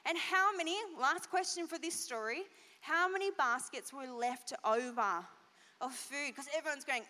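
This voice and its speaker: A woman pastor giving an animated children's sermon, asking the kids questions. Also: high voice, moderate pace. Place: church hall. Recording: long church hall reverb.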